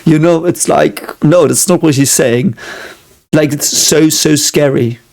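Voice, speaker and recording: A man's voice: on the high side, unhurried, creaky, a little mellow. A man with a German accent, hosting a casual reaction video and musing earnestly, often circling back on his own words.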